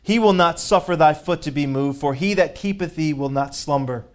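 A man delivers a sermon in a voice pitched somewhat high for a man. He reads scripture aloud with emphasis, lifting his voice on the key phrases. He often repeats words as he builds toward a point. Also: moderate pace. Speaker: preacher.

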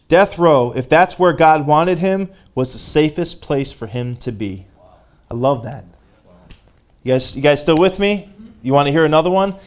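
Fervent preacher, slightly high voice. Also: male voice, a little mellow. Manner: reads a story aloud and stops to speak to the congregation, rising to fervent. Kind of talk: sermon.

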